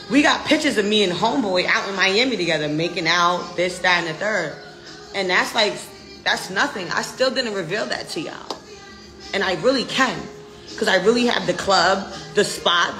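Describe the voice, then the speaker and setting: A woman's voice: mid-range voice, reverberant. A young American woman ranting in a brash, profane, defiant way, repeating herself as she talks. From United States. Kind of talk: casual rant.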